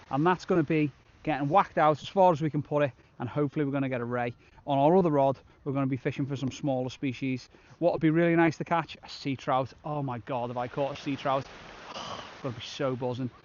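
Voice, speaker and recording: A man vlogs a shore fishing trip on a beach, chatting upbeat and casually to the camera as outdoor narration. His slightly high voice is fairly quick and darkish, and the recording's highs are cut off.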